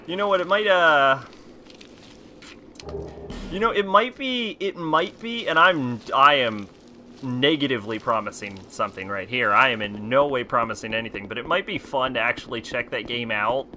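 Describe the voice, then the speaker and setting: A man's voice: mid-range voice, moderate pace, pushed and bright, a little hiss or hum. A man streaming and chatting casually, rambling with lots of fillers and laughing easily.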